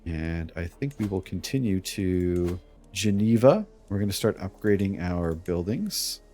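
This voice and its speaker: A man with a fairly low voice talks through his strategy game as a let's play. He chuckles often and sounds playfully scheming as he explains his moves. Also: lively intonation, measured pace, dark tone. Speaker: streamer playing a strategy game.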